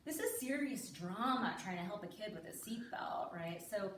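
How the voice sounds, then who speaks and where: A woman's voice: mid-range voice, lively intonation, moderate pace, a bit bright, a little hiss or hum. A middle-aged woman performing a stand-up comedy set on a live stage, chatty and confiding, often tagging her lines with "right?". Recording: roomy sound from a distance.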